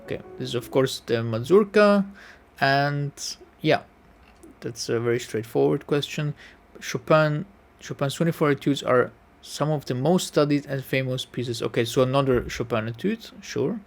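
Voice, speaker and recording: On camera, a man who makes piano videos on YouTube works through a music quiz, thinking out loud, fixing his own answers and humming passages. He has a gravelly, mid-range voice and a moderate pace.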